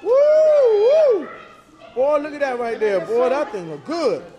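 A woman's voice: a little high, sing-song, moderate pace, muffled recording. A woman filming on a phone in a large hall and chatting playfully with children, teasing them in slangy talk. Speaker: person filming at a church kids' event. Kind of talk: casual chat with children while filming. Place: large indoor hall at a church festival. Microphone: handheld phone camera. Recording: noisy crowded hall. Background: crowd of chattering children.

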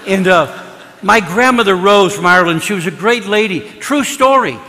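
A man's voice: high-pitched, animated, moderate pace, pushed and bright. A man in his seventies from Kansas City, a priest telling folksy stories in a conversational sermon, often saying "you know". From Kansas City, USA. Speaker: priest giving a parish mission. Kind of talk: storytelling sermon. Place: large church. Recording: reverberant church hall.

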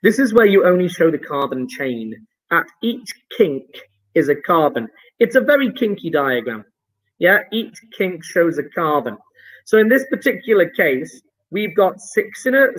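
Brief: male chemistry teacher, fairly high voice, jokey and upbeat while explaining homework. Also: a bit bright, rough recording. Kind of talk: online homework review lesson.

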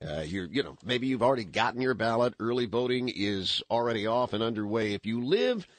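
A man hosting a talk radio show from the studio, giving rambling, animated political commentary with lots of restarts. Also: medium pitch, fairly quick, no room sound.

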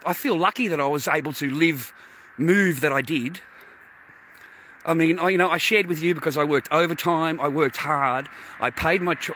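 Out on a walk, a vlogger speaks straight to his viewers in an indignant rant, swearing constantly. His voice is a little high, bright and forceful, with a little hiss or hum in the recording.

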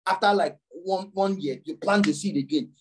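A male pastor giving a teaching sermon. He repeats words as he explains and reads scripture aloud slowly, raising his voice. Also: a little hiss or hum, low-quality recording. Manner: repeats words while explaining, with sudden jumps in pitch.

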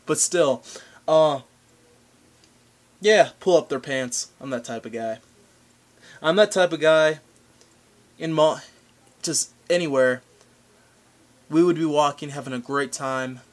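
A man's voice: on the high side, background noise. A young man vlogging a comedic rant to camera, rambling and goofy, with random outbursts.

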